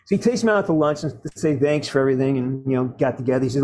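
A middle-aged man, a guest actor on a video call, telling stories with loud bursts, restarts and salty language. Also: mid-range voice, racing, crowd noise.

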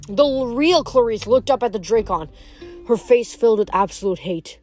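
A woman reading a novel aloud in a plain, steady way, stumbling now and then and correcting herself. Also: a little high, moderate pace, faint music behind. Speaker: audiobook reader.

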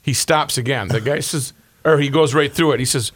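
A man co-hosting a casual chat, telling family stories and jokes with animated delivery. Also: mid-range voice, fairly quick. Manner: animated storyteller who acts out punchlines.

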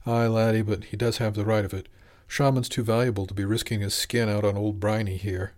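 A folksy, grinning old fisherman, put on by a male narrator who calls the boy "laddie" in an audiobook. The voice sits low and easy, with a warm chuckle under it. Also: level tone, fairly quick, natural voice. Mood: cheerful. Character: kindly weathered fisherman, older man, cheerful.

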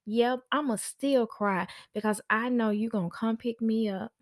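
A woman's voice: fairly high pitch, fairly even intonation, normal speed, dry recording, close to an everyday voice. Woman playing a stubborn crying baby, sassy slang, slightly raised voice, dry sound. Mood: defiant.

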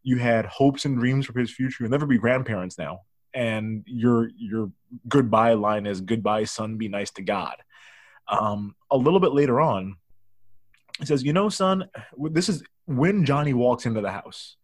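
A man's voice: mid-range voice, moderate pace, no room sound. Dry, joking man in casual chat. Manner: joking, acts out movie lines in mock voices. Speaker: podcast co-host. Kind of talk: casual movie review chat.

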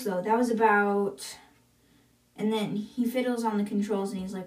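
In a casual book recap, a woman podcaster chats through the chapters and frequently quotes with "she's like." She has a mid-range, slightly mellow voice with fairly even intonation and a moderate pace. A roomy echo suggests she's distant from the mic.

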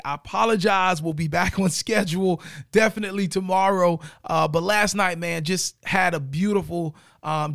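A man hosting a motivational podcast in a casual, energetic way, often tagging his points with "right?". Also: on the high side, creaky, no room sound, studio quality. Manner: energetic, conversational, keeps asking "right?". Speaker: podcast host. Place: home studio in South Florida.

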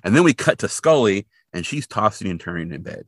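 Lively low-voiced man, dry close sound. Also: fairly quick, no echo. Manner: animated, laughs often, trails off mid-sentence. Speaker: podcast co-host. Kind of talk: casual chat recapping a TV episode.

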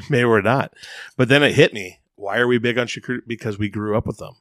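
A man's voice: mid-range voice, fairly quick, a bit bright, no echo, clean studio sound. A young man co-hosting a podcast in casual, goofy chat, musing and laughing easily. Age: young adult. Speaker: podcast co-host.

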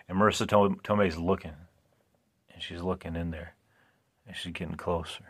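A man's voice: sits low, steady tone, normal speed, long pauses, fairly bright tone, husky. A man hosting a podcast, recapping a movie in a casual, rambling way, often restarting and asking listeners "right?". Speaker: podcast host.

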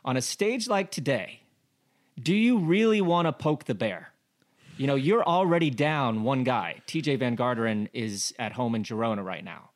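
Male podcast co-host, mid-range voice, animated casual race analysis. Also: mid-range voice, normal speed. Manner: animated, rhetorical questions, many fillers.

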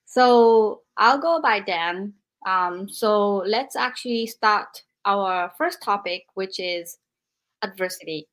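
A woman hosts a podcast interview, asking her questions slowly and politely. She speaks at a middle pitch and often hesitates with fillers as she searches for words. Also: a bit bright.

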